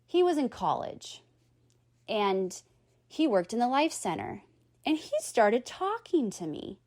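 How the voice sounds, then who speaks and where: A woman in her thirties speaks earnestly to her viewers, encouraging them as she tells a story from her own life. Her pitch sits somewhat high and swings widely. The recording is close and dry. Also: very animated, takes it slowly, a little mellow, dry recording. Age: 30s. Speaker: vlogger giving advice. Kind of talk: personal storytelling and advice.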